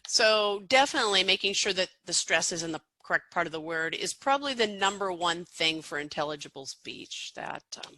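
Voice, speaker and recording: A woman's voice: fairly low pitch, expressive, fairly quick, hardly any pauses, bright, forceful tone, no echo, poor audio. A middle-aged American woman, an accent coach, explaining teaching tips in a chatty way, with frequent fillers and restarts. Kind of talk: podcast interview answer.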